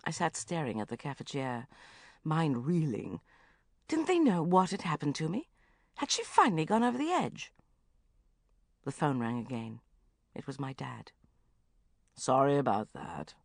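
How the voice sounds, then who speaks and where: A woman narrating a comic diary-style audiobook, swinging between breathless exasperation and flat asides. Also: low-pitched, normal speed, vocal fry, pauses often, no echo, clean studio sound.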